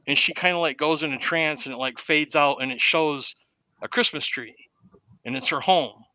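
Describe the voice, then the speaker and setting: A man, a podcast host, casually retelling a movie plot as an animated storyteller. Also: a little high, normal speed, no room sound, poor audio. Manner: animated storyteller who acts out the quotes.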